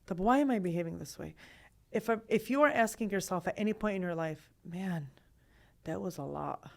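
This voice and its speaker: A woman therapist in her thirties talks on a podcast with a middle-pitched voice. She is animated and piles up rhetorical questions. Her delivery stays conversational and engaged. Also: fast talker. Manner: animated, acts out quoted voices, asks many rhetorical questions. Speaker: trauma therapist, guest.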